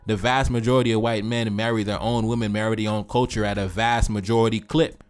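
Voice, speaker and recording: A man's voice: lowish voice, little pitch movement, fast talker, faint music behind. A man hosting a reaction video, giving emphatic, repetitive commentary with slangy asides. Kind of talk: commentary reacting to social media posts.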